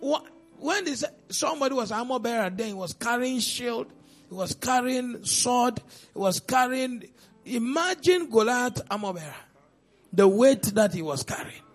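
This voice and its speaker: A man preaching a sermon as pastor, with pointed rhetorical questions and sudden loud outbursts. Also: very high-pitched, animated, moderate pace, faint music behind.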